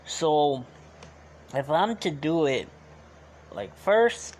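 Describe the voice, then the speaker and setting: A man chats slowly and loosely with his live-stream viewers, asking them to rate his act. His throat is sore from straining it. A faint hiss sits under the recording. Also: fairly high pitch, animated, a little mellow. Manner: loose and chatty, asks viewers to rate him. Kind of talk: casual chat with stream viewers.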